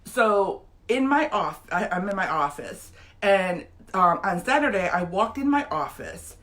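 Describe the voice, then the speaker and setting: A woman's voice: medium pitch, expressive, unhurried, a bit bright. Earnest woman in her fifties. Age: 50s. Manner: emotional, earnest, addresses viewers directly. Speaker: motivational vlogger. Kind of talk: motivational talk to camera.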